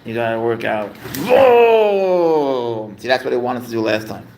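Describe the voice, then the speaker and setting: Speaking quickly in a flat, gravelly, mid-range voice, a man hosts a livestream from a room in his home. He rambles with lots of fillers while talking to his cat and his viewers, and there's slight hiss or hum.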